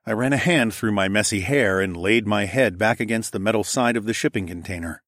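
A man's voice: on the low side, brisk, a bit bright, dry recording. A man narrating a first-person audiobook in a wry, dry manner with muttered asides.

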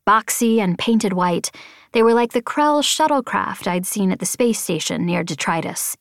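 A woman reading a novel aloud in the first person, with expressive, tense storytelling. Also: medium pitch, moderate pace, vocal fry, no room sound, studio quality. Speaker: audiobook narrator.

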